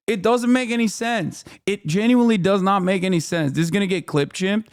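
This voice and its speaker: A man streaming live, reacting to a clip with animated, indignant commentary, swearing and laughing often. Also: high-pitched, a little fast, few pauses, clear, resonant tone.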